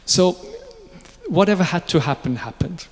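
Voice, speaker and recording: A man with a somewhat high voice tells lively stories, joking and tossing in asides. It is a press conference, and his voice rings out in a large reverberant space. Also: moderate pace, a little hiss or hum. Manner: lively, jokey, with asides and laughs. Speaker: watch brand founder speaking at a press conference. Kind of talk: anecdotal storytelling. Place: event venue.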